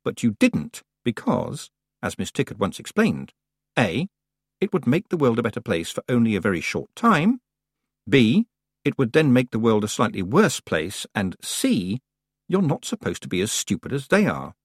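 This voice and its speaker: Husky male audiobook narrator. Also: mid-range voice, huge pitch swings, normal speed, dry recording, clean studio sound. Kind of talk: scripted narration.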